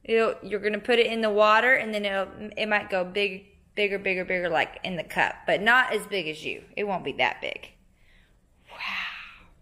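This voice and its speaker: A woman's voice: medium pitch, steady tone, normal speed, pushed and bright, no echo. A young woman chatting casually in a family vlog, upbeat and sing-song when she talks to her kids. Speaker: family vlogger and mother.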